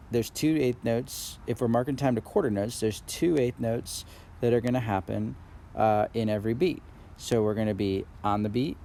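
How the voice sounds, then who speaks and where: A man with a low, gravelly voice teaches a drumline exercise in a recorded video lesson. He explains step by step and patiently, with frequent fillers, and counts beats out loud. A faint hiss sits under the recording. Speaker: percussion instructor.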